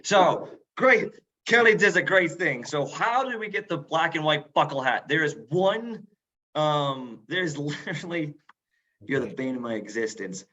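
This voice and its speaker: His voice sits a little high, pushed and bright, animated but at a measured pace. He's a museum role-player on a video call doing a casual Q&A in a put-on northern English accent, with frequent fillers and restarts, and the call audio is dull lo-fi.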